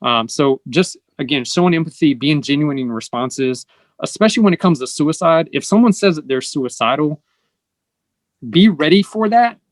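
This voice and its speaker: A man's voice: a little high, lively intonation, moderate pace, dry recording. A man hosting a casual conversation, earnest and explanatory, with some fillers. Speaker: host.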